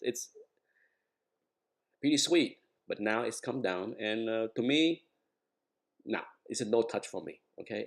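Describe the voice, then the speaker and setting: A man giving casual market commentary as a trading educator, rambling and emphatic, repeating words for stress. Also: mid-range voice.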